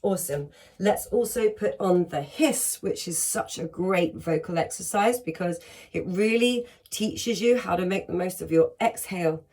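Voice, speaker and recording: A woman's voice: lowish voice, normal speed, darkish tone. A woman teaching a singing lesson on breathing, upbeat and encouraging, talking straight to her students and showing each exercise.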